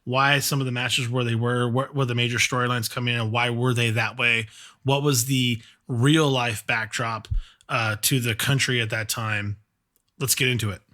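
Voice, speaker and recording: A man co-hosting a casual podcast, easygoing and quick to banter. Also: mid-range voice, fairly even intonation, bright, forceful tone. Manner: laughs often, easygoing banter. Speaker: podcast co-host. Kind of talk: casual chat.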